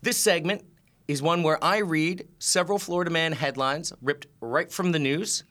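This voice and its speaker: A man co-hosting a podcast, bantering casually and reading news headlines aloud, animated and wry. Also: a little high, normal speed. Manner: animated, wry, deadpan corrections. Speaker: podcast co-host.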